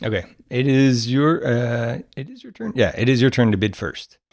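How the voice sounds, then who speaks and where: A man's voice: mid-range voice, animated, normal speed, gravelly, darkish tone, no room sound, clean studio sound. Chatty man who laughs and hesitates. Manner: hesitant, laughs often, restarts phrases. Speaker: podcast co-host. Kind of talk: casual chat.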